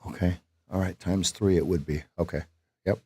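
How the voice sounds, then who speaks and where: A man's voice: low voice, fairly even intonation, moderate pace, mellow, slightly rough, dry recording, studio quality. A man hosting a live trading stream as coach, thinking aloud through numbers and joking at his own lines. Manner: chatty, jokes at his own lines and laughs at them.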